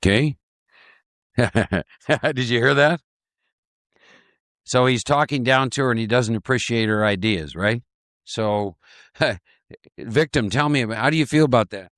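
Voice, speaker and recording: Man running a recovery workshop, lively and repetitive, mid-pitched voice, dry sound. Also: unhurried, pauses often, no echo. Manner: animated, repetitive, laughing often. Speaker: speaker leading a recovery workshop. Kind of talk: live workshop talk.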